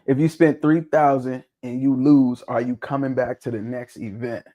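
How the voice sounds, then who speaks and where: A man hosting a casual talk show discussion, talking bluntly and swearing freely, with an animated, preaching tone. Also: medium pitch, normal speed. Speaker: podcast host.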